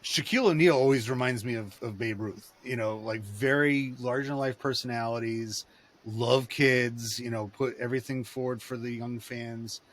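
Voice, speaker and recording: A man's voice: medium pitch, fairly even intonation, normal speed. A man in casual podcast chat, telling rambling, digressive stories.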